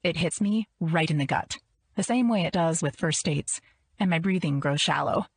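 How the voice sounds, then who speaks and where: A woman narrating an audiobook in the first person, in an even, measured reading. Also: deep voice, slightly rough, no echo.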